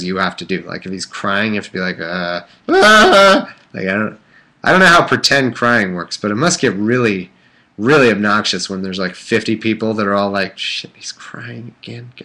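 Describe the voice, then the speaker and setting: A man's voice: low voice, bright, forceful tone. A man reading the Bible aloud on a casual livestream, breaking off into irreverent jokes and rambling asides full of fillers. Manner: irreverent, joking asides between scripture passages; rambling with many fillers and restarts.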